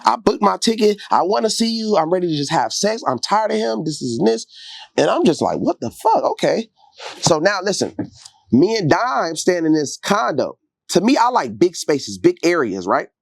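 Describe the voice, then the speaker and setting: Interview guest, man, animated slangy storyteller who acts out quotes; bouncy intonation, dry close sound. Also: high voice, moderate pace, gravelly, no room sound. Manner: gets loud and heated late in the telling.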